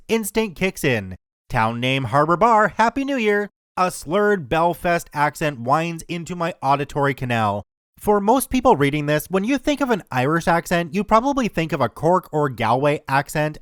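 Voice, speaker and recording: Animated man narrating stories, dry sound. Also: a little high, no room sound. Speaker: story narrator. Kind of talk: scripted narration of online stories.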